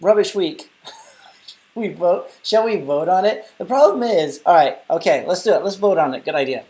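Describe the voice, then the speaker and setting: A man's voice: high-pitched, expressive, normal speed, darkish tone. Young guy rambling on his live stream, chatty, replying to chat. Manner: chatty, rambling, answers viewer comments. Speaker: live stream host and app developer.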